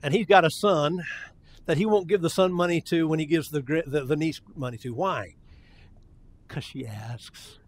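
A man's voice: a little high, fairly quick. Older man preaching a folksy sermon. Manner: folksy and conversational, with frequent restarts.

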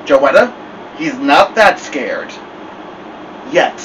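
A man's voice: on the high side, very animated, drawn-out words, a bit bright, recorded from a distance, slight background noise, heavily acted, rough recording. A man voicing a stern mother who talks sweetly while threatening her son, in a storybook reading. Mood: menacing sweet. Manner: sweet-talking with menace. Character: stern fierce mother, coaxing then threatening.

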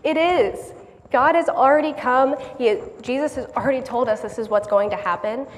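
A woman giving a sermon in a church hall, earnest and quick to laugh at herself. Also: high-pitched. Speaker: lay speaker giving a church message. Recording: long hall reverb, faint background ambience.

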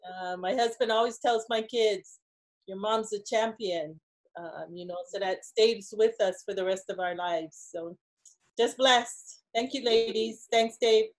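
A woman's voice: mid-range voice, unhurried. A woman, a former player, speaking in a heartfelt, thankful way.

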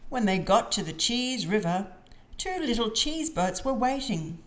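Woman, children's story reader, unhurried, very expressive melody. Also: a little high, slight background noise. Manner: gentle, expressive narration. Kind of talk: children's read-aloud.

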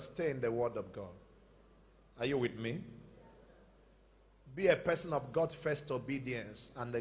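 A man preaching a sermon as pastor, swinging between loud shouted bursts and quieter, slower passages. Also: mid-range voice, slight background noise.

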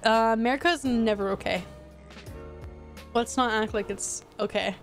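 A woman's voice: on the high side, normal speed, faint music behind. Chatty twenty-something woman streamer. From United States. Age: 20s. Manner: chatty, reads chat aloud, giggly, playful teasing. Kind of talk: casual chat while playing a game.

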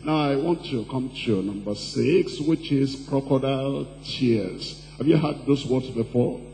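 A man preaching a sermon as pastor, asking the congregation questions and reading scripture slowly and deliberately. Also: medium pitch, vocal fry, dark tone, faint music behind. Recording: distant-sounding hall recording with faint hum.

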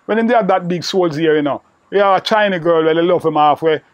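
Recalling an old friend and the old days, an older Jamaican man rambles in broad patois, repeating himself with "you know" in almost every line. His voice is somewhat high and fast. The sound is dry and close, with no echo, and the high frequencies are cut off.

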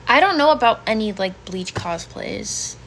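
A woman's voice: mid-range voice, lively intonation, normal speed, gravelly, a bit bright, slight background noise. A woman in her twenties on a casual home livestream, reading chat comments aloud and reacting bluntly. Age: 20s. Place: bedroom at home.

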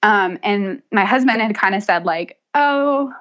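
A woman's voice: mid-range voice, steady tone, moderate pace, fairly bright tone, muffled recording. A young woman telling her birth story as a podcast guest, chatty and laughing often. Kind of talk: casual interview storytelling.

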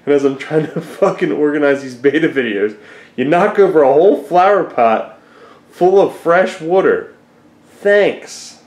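Indoors at home, a young father vlogs casually, slipping from baby talk into sweary, fed-up rants at his cats. He sounds a little high and slightly mellow, animated yet measured in pace.

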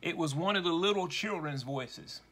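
High, bright-voiced male preacher. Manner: slow, deliberate preaching with dramatic emphasis. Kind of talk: sermon.

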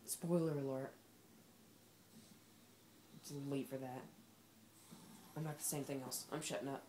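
A woman's voice: a bass voice, steady tone, normal speed, mellow, slight background noise. A woman giving casual, sarcastic commentary while playing a racing game, talking back at the game's characters. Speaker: gameplay commentator.

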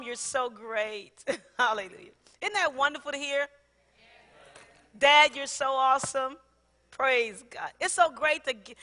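Woman pastor, bright high voice, lively sermon in a big reverberant church. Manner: laughing often, call-and-response with congregation. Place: large church sanctuary. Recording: long hall reverb.

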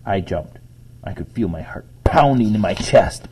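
A man reading a children's chapter book aloud to young listeners, stopping now and then to explain a word. His voice is low and mellow with a husky, breathy grain. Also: animated, moderate pace, low-quality recording. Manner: explains words along the way. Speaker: reader to children.

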